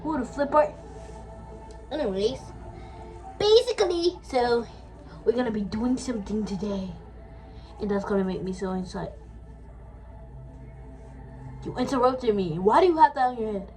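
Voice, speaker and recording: A woman's voice: on the high side, expressive, moderate pace, long pauses, mellow, soft background music. A woman playing with paper cats, talking to them and answering in their voices in a playful, bickering way. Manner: playful, switches between bickering cat characters. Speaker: channel creator. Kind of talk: playful paper-cat role-play.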